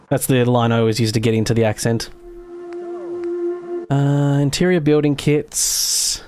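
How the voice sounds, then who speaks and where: A man's voice: medium pitch, steady tone, a little slow, long pauses, a little mellow, soft background music. A man from Australia with a mild Australian accent, chatting casually on a game livestream, rambling, laughing easily and trailing off mid-sentence. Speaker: game streamer. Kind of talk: casual live-stream chat while building in a game.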